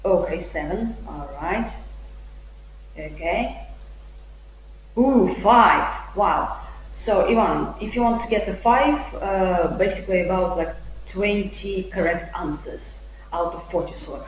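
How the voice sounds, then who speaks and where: Upbeat chatty woman teaching live. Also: medium pitch. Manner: chatty, upbeat, full of fillers, reads viewer comments aloud. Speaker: IELTS teacher. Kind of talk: live-streamed English lesson. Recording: echoey room with faint hum.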